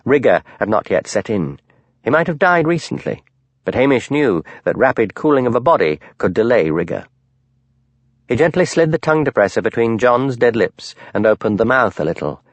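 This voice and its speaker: A man narrating an audiobook in a measured way. His pitch moves lively and expressively, in a middle register. The recording is dry and close, with no room sound. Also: dry recording.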